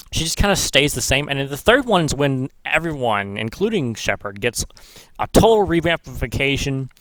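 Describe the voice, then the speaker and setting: A man's voice: medium pitch, fairly bright tone, dry recording. A man vlogging in casual commentary, rambling and swearing, correcting himself as he goes. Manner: rambling, profane, self-correcting. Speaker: gaming vlogger.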